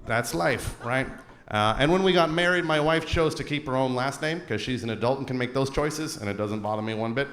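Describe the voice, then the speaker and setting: A man with a Canadian accent doing a stand-up comedy set, acting out characters with shouting bits. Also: medium pitch, fairly quick. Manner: animated, acts out shouting characters. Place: theater stage before a live audience. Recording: roomy venue with loud crowd laughter.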